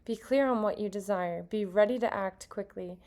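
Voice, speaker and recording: A woman reads tarot cards for an online audience, mixing passages from her card book with her own chatty, earnest asides. Her voice sits at a middling pitch with a noticeable gravelly fry running through it. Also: normal speed, darkish tone. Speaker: tarot reader. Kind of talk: casual tarot reading to viewers.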